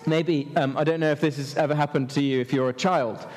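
A man preaching to children in a church hall, lively and asking the kids questions. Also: on the high side, fairly quick, hardly any pauses, slight background noise. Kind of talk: children's sermon. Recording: echoey hall.

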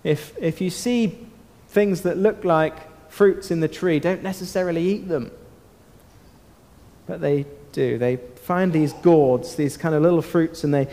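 A man leading an interactive Bible talk for children, asking them questions and using dramatic pauses. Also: on the high side, dark tone. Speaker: children's talk leader at church. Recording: long hall reverb.

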